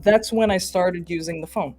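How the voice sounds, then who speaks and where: A woman's voice: lowish voice, normal speed, darkish tone, faint music behind. A woman talking as a guest on a video call, hesitant and thinking aloud as she answers. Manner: hesitant, many fillers and restarts, thinking aloud. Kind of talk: casual conversation.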